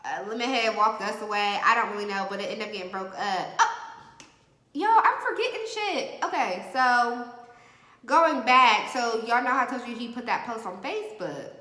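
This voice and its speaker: A young woman tells a makeup-chair storytime in a bright, forceful voice that sits a bit high. She talks in slang and slips into lively quoted voices. The room is echoey, with a long reverb tail. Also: moderate pace. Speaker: vlogger. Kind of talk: casual storytime while doing makeup.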